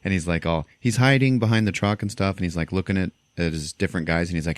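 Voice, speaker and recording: A man with a deep, low voice hosts a casual podcast and retells a film's plot with relish. He swears freely and jumps into the characters' lines as he goes. The sound is dry and close, with no room behind it. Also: fast, few pauses, no room sound. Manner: animated, profane retelling, acting out lines. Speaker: podcast host. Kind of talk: casual movie recap.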